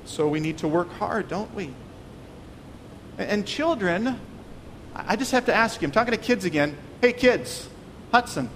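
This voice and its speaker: Guy preaching, high voice, earnest and pleading, echoey hall with a little hiss. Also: lively intonation, normal speed, long pauses, a bit bright. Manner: earnest, pleading, many repeated words. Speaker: pastor. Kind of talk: sermon. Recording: long reverb, faint noise.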